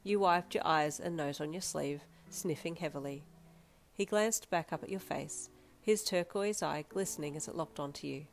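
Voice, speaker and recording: Low-voiced woman narrating fanfiction. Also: moderate pace, gravelly. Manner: steady storytelling read. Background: faint background music.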